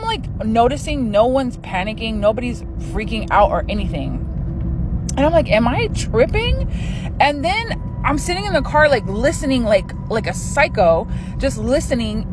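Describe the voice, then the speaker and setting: A young woman casually telling a spooky personal story, animated and profane. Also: high voice, background noise.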